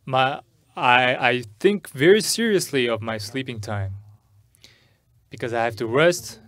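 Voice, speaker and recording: A middle-aged man preaching a sermon in English at a church service. He tells a personal story in a halting way, often repeating and restarting words. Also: mid-range voice, animated, a bit bright, no room sound. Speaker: pastor.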